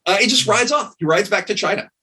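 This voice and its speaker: A man's voice: sits high, fast, bright, forceful tone, slightly rough. A man, a podcast guest, telling a story in a casual, rambling way with many fillers. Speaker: podcast guest, game designer.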